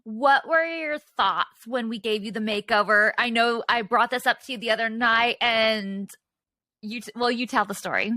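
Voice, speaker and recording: A woman with a bright, rather high voice hosts a podcast in casual chat. She asks her guest questions and chimes in with her own stories. The sound is dry and close, with no room echo. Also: moderate pace. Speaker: podcast host.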